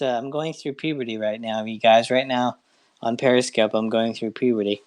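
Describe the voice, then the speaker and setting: Low-voiced woman chatting on a livestream. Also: fairly even intonation, normal speed, a little mellow. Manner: jokey, self-mocking, chatty with viewers. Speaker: livestream host. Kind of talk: casual livestream chat.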